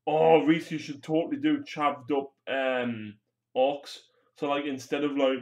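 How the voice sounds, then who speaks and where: A man's voice: medium pitch, steady tone, measured pace, a little mellow, lo-fi sound. A young man, chatting casually and joking while he paints miniatures on a live stream. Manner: joking, rambling, swears casually.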